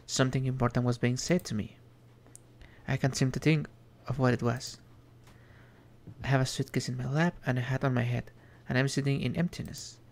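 A man streams an indie game, reading its text aloud in a measured, reflective manner and adding small asides. His voice is medium-pitched with fairly even intonation.

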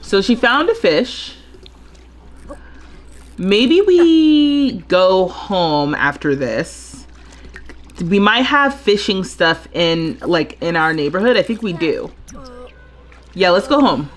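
A woman's voice: medium pitch, big pitch swings, slow pace, pauses often, faint music behind. A young woman streaming a life-simulation game live, chatting and thinking aloud as she plays. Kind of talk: live gameplay commentary.

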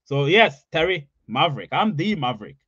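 A man's voice: on the high side, very animated, normal speed, fairly bright tone, slightly rough, no room sound. A man hosting a casual livestream, reading viewer comments and repeating his points for emphasis. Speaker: livestream host. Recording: dry, slightly dull audio.

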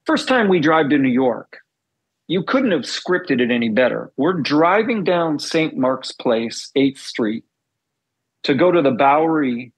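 A middle-aged man, a former band bassist, telling stories in a casual interview and acting out the dialogue he recalls. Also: measured pace, slightly rough, poor audio. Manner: animated storyteller, acts out quoted dialogue.

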